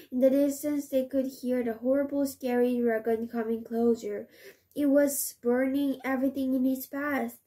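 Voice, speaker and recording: A woman whose first language is Korean reads a picture book aloud to her child. Her voice is slightly high, soft and mellow, and she reads slowly, with small slips and restarts. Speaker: parent reading to a child. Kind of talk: storybook read-aloud.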